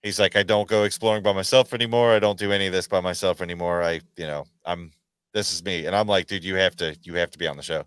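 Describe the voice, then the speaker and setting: A man telling stories in a lively, slangy podcast chat, full of "dude" and "man". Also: deep voice, quick pace, smooth, dry recording. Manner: animated storyteller, slangy, says dude and man a lot. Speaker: podcast guest. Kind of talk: casual chat.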